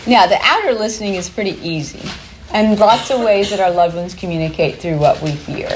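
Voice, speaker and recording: A woman's voice: medium pitch, fairly quick, a little hiss or hum. A woman presenting a workshop to a live group, talking in a chatty, upbeat way and laughing easily.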